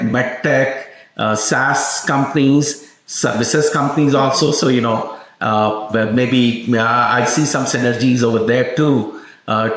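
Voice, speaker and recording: A man hosting a podcast interview, speaking conversationally in loosely phrased sentences. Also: mid-range voice. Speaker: podcast host. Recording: very echoey room.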